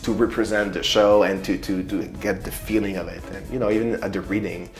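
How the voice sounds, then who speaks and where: A French-Canadian man speaks in a very deep voice, his Quebec French accent strong. He restarts his phrases often in a halting interview. The room is echoey, with faint music behind him. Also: fairly even intonation. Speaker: performer.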